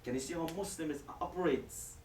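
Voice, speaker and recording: A man's voice: on the high side, fairly quick, darkish tone, a little hiss or hum. Joking male preacher in an echoey hall. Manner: joking, addresses the audience directly. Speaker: Islamic preacher. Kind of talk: lively lecture to a live audience. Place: lecture hall with audience. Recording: echoey hall, distant mic.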